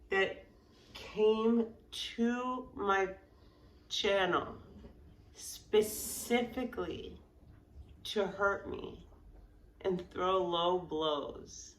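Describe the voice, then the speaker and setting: A woman in her forties talks frankly to her viewers, rambling and restarting with lots of fillers. Her pace is unhurried and her voice sits a little low. She sounds set back from the mic in a reverberant room with a faint hum behind her. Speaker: yoga vlogger. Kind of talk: casual talk to camera. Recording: roomy sound from a distance with faint background noise.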